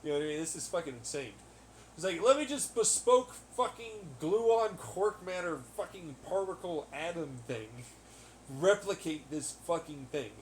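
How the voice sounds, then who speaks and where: Man, solo podcast ramble, profane, slightly high voice, faint background hiss. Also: animated, normal speed. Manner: rambling and profane, with sudden angry outbursts. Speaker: podcast host. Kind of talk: casual rambling monologue.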